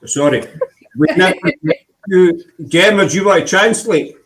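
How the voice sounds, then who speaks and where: A man's voice: high voice, moderate pace, a bit bright, rough recording. A man hosting a casual live-stream chat, laid-back and rambling with lots of fillers. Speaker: host.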